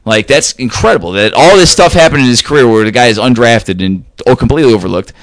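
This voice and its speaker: A man's voice: mid-range voice, expressive, quick pace, dry recording. A man co-hosting a podcast, chatting casually about sports, rambling with many filler words. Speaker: podcast co-host.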